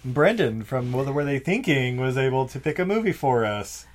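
A man's voice: medium pitch, very animated, moderate pace. A man co-hosting a podcast in casual chat, joking and laughing often as he talks. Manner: jokey, laughs often, uses "y'all". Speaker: podcast co-host.

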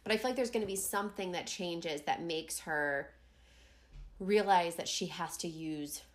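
A woman's voice: fairly low pitch, moderate pace. A woman co-hosting a podcast, chatting casually about a book, with a loose, chatty manner and the odd swear. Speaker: podcast co-host. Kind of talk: casual book discussion chat.

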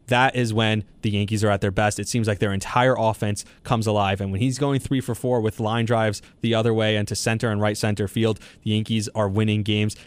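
A man's voice: fairly low pitch, no echo. A young man hosting a solo sports podcast, talking through his opinions in long run-on thoughts with fillers. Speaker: podcast host.

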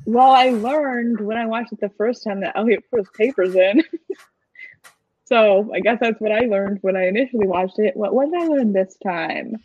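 A woman's voice: mid-range voice, a little mellow, no room sound. A woman co-hosting a podcast, talking casually and giggling often, with many small restarts. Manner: chatty, giggly, halting restarts. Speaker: podcast co-host. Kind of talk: casual chat. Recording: dull dry lo-fi sound.

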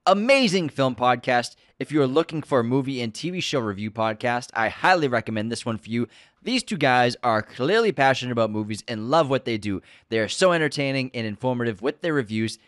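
A man's voice: medium pitch, lively intonation, fairly quick, a bit bright, dry recording, studio quality. A man co-hosting a casual film podcast, joking and teasing his partner, and reading reviews aloud. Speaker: podcast co-host.

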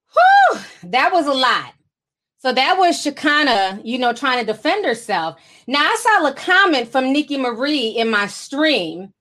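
A woman's voice: high-pitched, pushed and bright. A woman streamer doing casual, chatty commentary and reacting to a clip.

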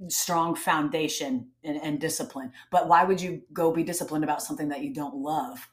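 A woman with a notably low voice speaks as a podcast guest. She talks earnestly and reflectively, restarting her sentences as she goes. The recording carries a roomy echo. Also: steady tone, moderate pace. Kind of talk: casual interview talk.

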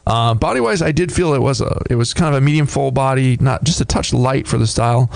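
A man co-hosting a beer podcast, casually describing a tasting in a thoughtful, halting way with many fillers. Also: mid-range voice, vocal fry, no echo. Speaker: podcast co-host reviewing beer.

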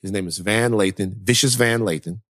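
A man hosting a podcast, telling a story in casual, animated chat, repeating phrases for effect and swearing casually. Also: fairly low pitch, normal speed, dry recording, studio quality. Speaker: podcast host.

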